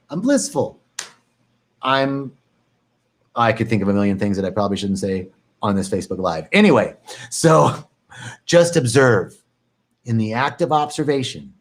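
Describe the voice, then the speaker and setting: Man, meditation teacher on a live stream, calm and reflective, repeats phrases, playful bursts of mock worry. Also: lowish voice.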